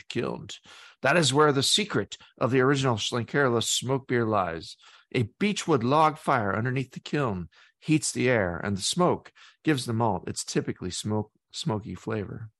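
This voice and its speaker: A man's voice: mid-range voice, fairly bright tone, dry recording, clean studio sound. A man co-hosting a casual beer-tasting podcast, reading facts aloud and hesitating often with fillers. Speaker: podcast co-host.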